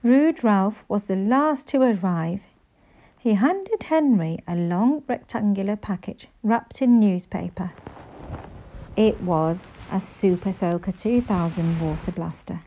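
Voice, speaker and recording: A woman reading a children's story aloud in an expressive storybook manner. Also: medium pitch, a little hiss or hum. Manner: slow, expressive storybook delivery.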